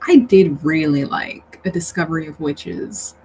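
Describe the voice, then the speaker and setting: Woman streamer, casual and rambling, easygoing slow pace, faint fan hum behind. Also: deep voice, dark tone, low-quality recording. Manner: chatty, rambling, laughs often. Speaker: livestream host reading chat. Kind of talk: casual livestream chat.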